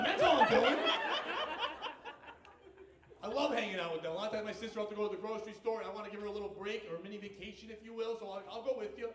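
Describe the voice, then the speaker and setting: A man doing a stand-up comedy set on a club stage, telling stories with animated, profane delivery. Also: sits high. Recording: echoey club, distant mic, audience laughter.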